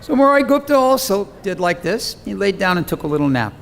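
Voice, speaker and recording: Preaching from scripture, a man with a voice high for a male speaker tells the story in an animated, dramatic style, taking on the voices of the people he quotes. He talks quickly with a creaky edge, and his words echo with long reverb over a faint underlying hum.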